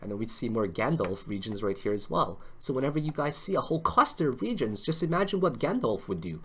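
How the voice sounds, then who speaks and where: A man's voice: mid-range voice, slightly rough. A man talking through a live trading chart in an offhand, casual way. He wanders between jokes and analysis, restarting sentences and breaking off mid-thought. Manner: rambling, joking, self-interrupting. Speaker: livestream trading host. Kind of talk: casual market commentary.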